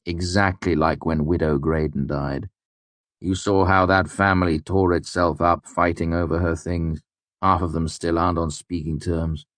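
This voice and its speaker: A man's voice: low voice, flat delivery, normal speed, fairly bright tone, no room sound. A man reading the part of a patient, worldly innkeeper, wry and knowing in tone.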